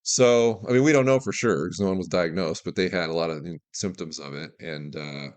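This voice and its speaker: A man's voice: sits low, a little fast, darkish tone. A man from Alaska, a guest filmmaker telling candid, opinionated behind-the-scenes stories in a casual podcast interview. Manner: candid, opinionated, talks through anecdotes.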